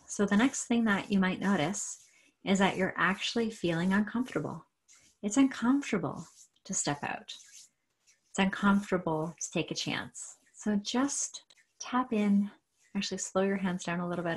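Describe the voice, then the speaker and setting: A woman coach leading a guided tapping exercise, talking listeners through it with slow, repeated cues. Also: medium pitch, gravelly, breathy edge. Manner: slow, repetitive guiding cues. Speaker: coach and trainer.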